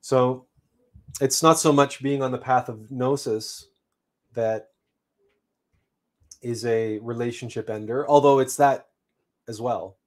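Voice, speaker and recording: A man hosting a livestream, telling a personal story in an unhurried, reflective way with frequent restarts. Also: mid-range voice. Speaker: livestream host.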